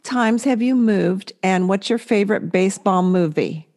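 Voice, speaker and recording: A middle-aged woman hosting an interview show, friendly and quick to laugh. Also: mid-range voice, a little mellow. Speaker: podcast host. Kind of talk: hosted interview.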